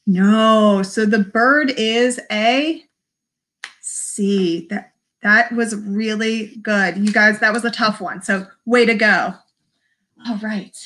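A woman's voice: medium pitch, steady tone, slow, fairly bright tone. A woman librarian reading a picture book aloud to young children, in a sing-song, encouraging voice that mixes in animal noises. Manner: encouraging, talks to young viewers. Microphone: livestream camera mic.

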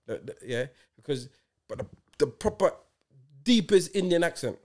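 A man in his forties trades casual banter as a podcast co-host. His voice sits a little high and swoops widely as he tells stories. He talks in an insistent, animated way. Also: moderate pace. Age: 40s.

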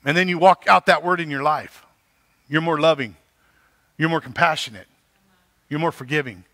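A man's voice: fairly high pitch, moderate pace, fairly bright tone, dry recording. A male pastor preaching a sermon, building emphasis and checking in with the congregation. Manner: preaching with rising emphasis and repeated "right?".

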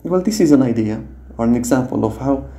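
A man's voice: medium pitch, expressive, fairly quick, warm tone, echoey room. A man teaching a screen-recorded tutorial in a patient, explanatory way, often checking in with the listener, speaking English as a second language. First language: non-native English speaker.

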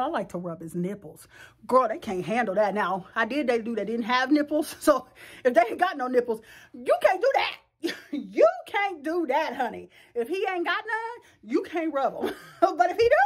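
Lively bawdy woman vlogger. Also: a little high, slightly rough. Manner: frank, bawdy, laughing and joking. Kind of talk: casual chat to camera. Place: her bedroom.

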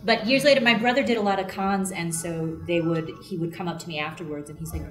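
A woman voice actress telling funny stories in a casual convention interview, animated and laughing as she acts out people's voices. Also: lowish voice, fast talker, few pauses. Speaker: voice actress guest. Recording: echoey room.

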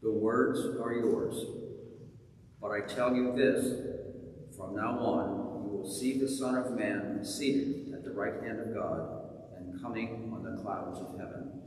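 A man reading the part of Jesus in a church Passion reading, solemn and calm. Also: a little hiss or hum. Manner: slow, solemn, low-key. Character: Jesus on trial, calm and grave. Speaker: liturgy reader. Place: church sanctuary. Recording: echoey church from far off.

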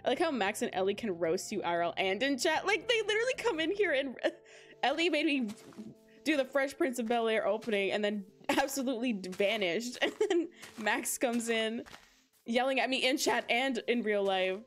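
Talking directly to her chat on a close mic, this twenty-five-year-old livestream host keeps her gaming stream casual, chatty and full of giggles. She sounds fairly high and expressive, speaking at normal speed over soft background music.

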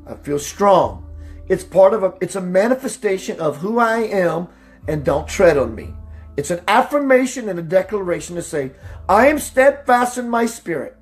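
A man hosting a spiritual talk radio show, preaching emphatically, slowing down for emphasis and greeting listeners by name. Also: lively intonation, soft background music. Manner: slows down for emphasis, voice dips low and quiet.

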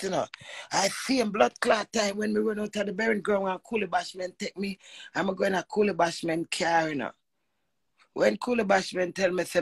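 A woman with a Jamaican accent telling a personal story in an animated monologue, emphatic and profane, often slipping into quoted speech. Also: lowish voice, gravelly, husky, dry recording, rough recording. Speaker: vlogger.

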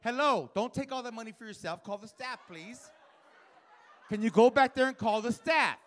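High-voiced male comic, brash and foul-mouthed, live crowd work in a club with faint audience murmur. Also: expressive, normal speed, fairly bright tone. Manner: brash, profane, teasing the audience. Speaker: stand-up comedian.

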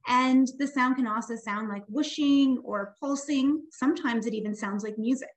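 A woman audiologist giving a clear, friendly webinar talk as a tinnitus program director. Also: on the high side. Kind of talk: webinar presentation.

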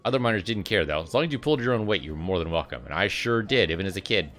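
A man's voice: sits low, expressive, rapid-fire, a bit bright, soft background music. A man reading out game dialogue for a rambling, boastful elf companion who used to be a miner. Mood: fond.

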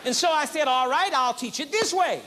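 A man preaching an emphatic, repetitive sermon at a conference, building to high exclamations. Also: animated, fairly quick, bright, forceful tone, slight background noise. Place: conference hall.

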